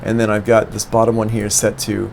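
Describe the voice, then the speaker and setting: Gravelly low-voiced man teaching music software. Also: completely flat delivery, fairly quick, a little hiss or hum. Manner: explanatory, walking through steps on screen. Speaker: music production instructor. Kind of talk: live-streamed software lesson. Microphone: studio microphone plugged into an interface.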